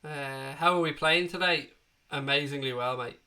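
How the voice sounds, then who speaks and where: At a moderate pace and in a sharp tone, a slightly high-voiced Irish man in his thirties hosts a live football watchalong. He's chatty and matey, answering viewers' questions one by one while recovering from being sick.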